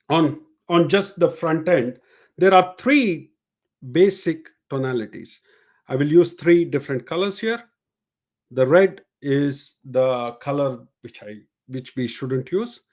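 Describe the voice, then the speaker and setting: A man's voice: fairly high pitch, expressive, slow pace, pauses often. A man coaching in a live-streamed lesson, explaining and demonstrating ways of speaking, often repeating his main points. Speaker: sales and communication coach. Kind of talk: live-streamed teaching session.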